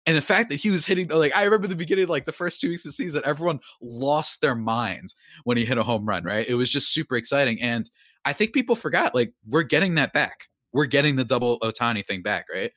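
This medium-pitched young podcaster talks quickly and animatedly about sports, rambling and interrupting himself with restarts and side comments. The audio is studio quality, with no room sound.

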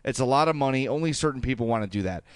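Smooth-voiced man ranting on a podcast. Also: medium pitch, racing, no room sound. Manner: animated, ranting, jokey asides. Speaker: podcast co-host. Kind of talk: casual sports podcast chat.

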